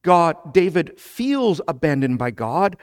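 A man preaching a sermon, explaining scripture slowly and building to loud, emphatic prayers. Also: fairly high pitch, very animated. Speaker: pastor.

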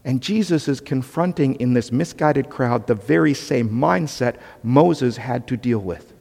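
A man's voice: medium pitch, measured pace, vocal fry, darkish tone, in a large hall. A man preaching a sermon as pastor, emphatic and conversational, with asides to the congregation.

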